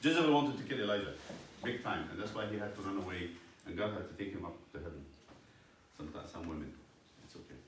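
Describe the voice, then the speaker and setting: Animated man teaching in an echoey room. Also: deep voice, fast. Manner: animated, checks with "yes?". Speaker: Bible study teacher. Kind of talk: storytelling lesson. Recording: echoey room, distant mic, faint noise.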